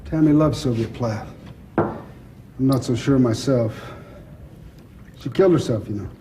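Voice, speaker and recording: An actor playing a gruff older male crime boss who talks bluntly, with profanity and dry teasing. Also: medium pitch, a little slow, warm tone, a little hiss or hum, lightly acted. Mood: bantering. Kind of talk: film drama acting.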